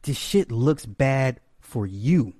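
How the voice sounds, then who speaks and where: A man giving casual online commentary in an animated, profane way, repeating lines for emphasis. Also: medium pitch, takes it slowly, dry recording, clean studio sound.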